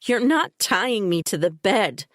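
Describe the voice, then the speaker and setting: A woman's voice: medium pitch, animated, takes it slowly, no echo, studio quality, pitched above the performer's own voice. A woman reading an audiobook, voicing a distraught young pregnant woman who pleads desperately. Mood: frantic pleading.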